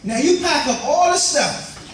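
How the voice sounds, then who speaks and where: Preaching pastor in an echoey church. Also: male voice, extremely high pitch, a little slow, a little hiss or hum. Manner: animated preaching with call-and-response to the congregation. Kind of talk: sermon. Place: church sanctuary. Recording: echoey church from far off, congregation audible.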